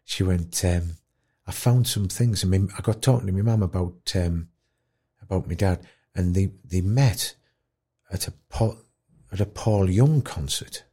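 Husky low-voiced storyteller. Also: male voice, unhurried. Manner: animated storyteller, acts out voices, drops to quiet. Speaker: guest, dementia campaigner. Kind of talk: storytelling in conversation.

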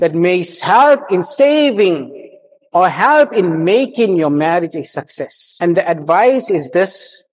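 A man's voice: high-pitched, darkish tone, rough recording. A man giving a marriage sermon, telling a humorous story and exhorting the congregation.

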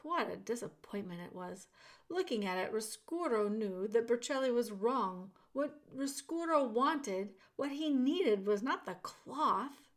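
Slow-reading woman storyteller. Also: fairly high pitch. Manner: addresses the listener directly, storyteller's expressive pacing. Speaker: narrator. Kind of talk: audiobook reading of a children's novel.

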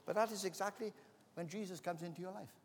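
In a church hall with the long reverb of a large space, a man preaches a sermon through stories, acting out the voices of the people in them. His voice is high and his pace quick.

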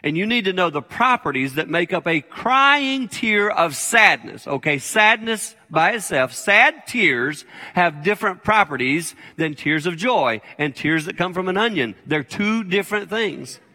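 A man's voice: sits high, expressive, a little slow, few pauses, sharp tone. An older man preaching a sermon as a pastor, conversational and plain-spoken, repeating his key phrases. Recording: long hall reverb.

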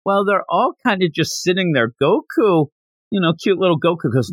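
A man hosting a podcast, recapping a comic in animated casual storytelling. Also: sits high, normal speed, dry recording. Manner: animated storytelling, slipping into character voices. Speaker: podcast host.

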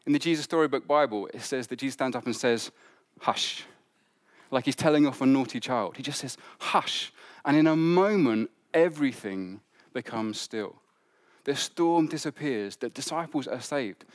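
A man's voice: mid-range voice, a little fast. A man preaching a sermon, retelling a gospel story in a conversational way with asides and fillers.

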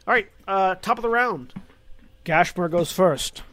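A man serving as game master, describing combat in quick bursts that stumble and restart. His voice sits a little high for a man. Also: a bit bright, no echo. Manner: rapid, halting narration with restarts. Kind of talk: narrating a tabletop game.

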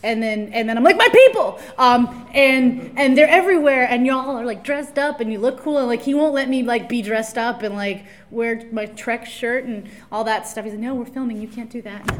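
A woman with a slightly high voice co-hosts a live podcast panel at a convention. She teases her partner wryly and laughs often as she tells her stories. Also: steady tone, moderate pace, hardly any pauses. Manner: wry, teasing, laughs often. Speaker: podcast co-host.

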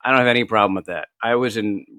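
A man's voice: lowish voice, fast talker, bright, forceful tone, no echo. Chatty middle-aged man, dry close sound. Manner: chatty, self-deprecating, laughs often; tells anecdotes with quoted asides. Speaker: author guest. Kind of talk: casual interview chat.

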